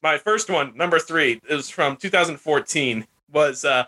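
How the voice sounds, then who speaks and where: Pushed and bright, this podcast host's fairly high voice runs at normal speed. He keeps things chatty and rambling, laughing as he retells scenes with put-on voices.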